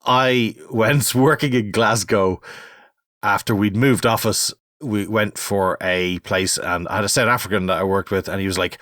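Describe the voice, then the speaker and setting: A lower-pitched man in middle age tells stories in casual chat, his voice jumping up when surprised. The sound is dry and close to the mic. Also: steady tone, moderate pace, fairly bright tone, no room sound. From Ireland. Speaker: podcast host.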